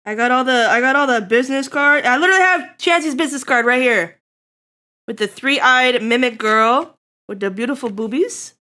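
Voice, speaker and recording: A woman's voice: high-pitched, normal speed, bright, forceful tone. A young woman streamer chatting casually with her viewers, giggly and playful, swearing and putting on mock-angry rants.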